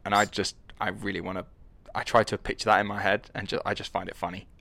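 Man, low voice, dry close sound, casual history chat, jokey, sweary. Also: little pitch movement, fast, gravelly, pushed and bright, no room sound. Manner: joking, rambling, swears freely.

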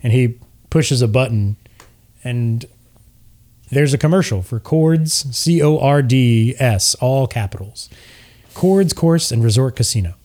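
A man narrating as game master of a tabletop game in a relaxed, descriptive way. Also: medium pitch, a little slow.

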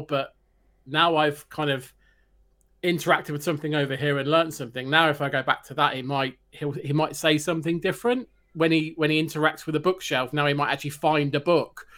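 A man's voice: fairly high pitch, fairly bright tone. A man co-hosting a podcast and reviewing a game, explaining in long rambling runs with restarts and laughter. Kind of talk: casual chat.

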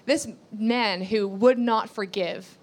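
A woman's voice: medium pitch, slow pace. Earnest woman teaching a sermon. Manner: earnest, repeats key phrases, asks rhetorical questions. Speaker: Bible teacher. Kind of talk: sermon teaching with scripture reading.

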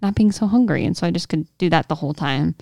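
A woman's voice: fairly low pitch, expressive, fast talker, vocal fry, mellow, no echo, clean studio sound. A young woman co-hosting a casual podcast, giggly and rambling with lots of "like". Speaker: podcast co-host. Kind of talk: casual chat.

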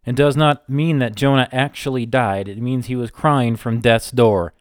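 A man preaching a Bible sermon, slow and emphatic, repeating short phrases. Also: medium pitch, fairly even intonation, no echo, clean studio sound.

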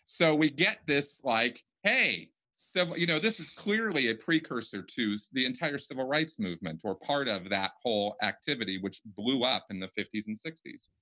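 A man's voice: mid-range voice, lively intonation, moderate pace, hardly any pauses, bright, forceful tone. A man hosting a casual podcast conversation, speaking emphatically and often restarting his sentences. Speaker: podcast host.

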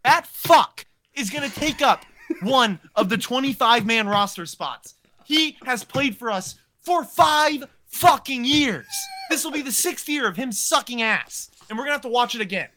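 Bright-voiced man ranting profanely. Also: very high voice, expressive, normal speed, slight background noise. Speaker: podcast co-host. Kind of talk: casual sports podcast rant.

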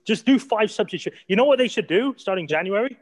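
A man's voice: high-pitched, lively intonation, fast talker. A man chatting casually about football, swearing and laughing as he talks.

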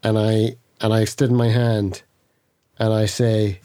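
A man's voice: lowish voice, level tone, unhurried, mellow. Tabletop player, man, stammering, repeats himself. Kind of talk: describing character actions in a tabletop game.

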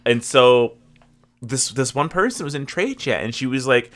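A man hosting a casual gaming podcast, telling stories in a lively way and swearing freely. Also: medium pitch, moderate pace. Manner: animated storytelling, swears freely. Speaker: podcast host and guild recruiter.

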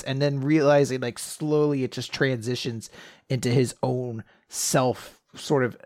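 A man's voice: medium pitch, unhurried, dry recording, studio quality. A young man co-hosting a casual podcast, animatedly retelling a manga chapter and swearing casually. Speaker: podcast co-host.

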